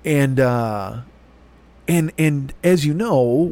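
A middle-aged man hosting a podcast, rambling through a profane, self-deprecating comedic monologue with a rough throat and a stuffy nose. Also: mid-range voice, lively intonation, a little fast, darkish tone. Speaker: podcast host.

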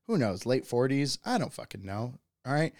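A man's voice: mid-range voice, big pitch swings, normal speed, darkish tone, no echo, studio quality. A man hosting a podcast, telling stories in a loose, profane way and often breaking into laughter. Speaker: podcast host. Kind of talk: casual solo podcast monologue.

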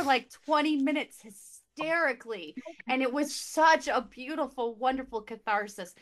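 A woman on a podcast panel talking about books she loved, gushing and emotionally expressive, often restarting and repeating words as she goes. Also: high-pitched, moderate pace, hardly any pauses. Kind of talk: casual book chat.

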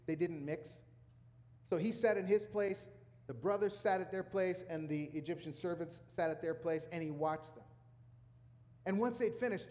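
Male pastor, sermon storyteller who voices the characters, high pitch, reverberant hall. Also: dark tone. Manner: retells scripture in casual speech, acting out the characters' lines.

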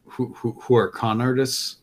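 A man's voice: medium pitch, flat delivery, moderate pace. Rambling, hesitant male podcast host. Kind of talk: casual comedic chat.

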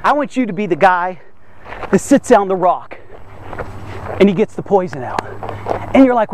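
A man's voice: high voice, animated, normal speed, long pauses, a little mellow, slight background noise. A man preaching a devotional sermon as the host of his podcast, talking emphatically and addressing his listeners directly.

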